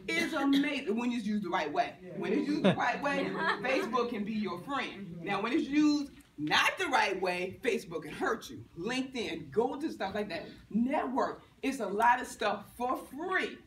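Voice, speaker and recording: A middle-aged woman from Virginia, a banker giving a lively motivational talk to students, often laughing and acting out what people said. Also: on the high side, moderate pace, hardly any pauses. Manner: lively, laughing, acts out quotes. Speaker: banker and guest speaker. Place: university lecture room. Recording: echoey room, distant mic, faint noise.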